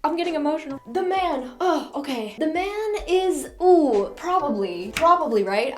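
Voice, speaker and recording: A woman hosting her own channel, chatting excitedly and rambling as she ranks songs, often gushing and squealing. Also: on the high side. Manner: gushing, rambling, quick mood swings into squeals. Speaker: reaction channel host. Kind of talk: excited casual chat ranking songs.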